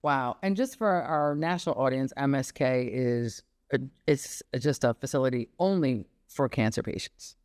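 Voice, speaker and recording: Low-voiced enthusiastic woman podcast host. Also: moderate pace, few pauses, a little mellow. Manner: upbeat, enthusiastic, gushing. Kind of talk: scripted intro then casual interview chat.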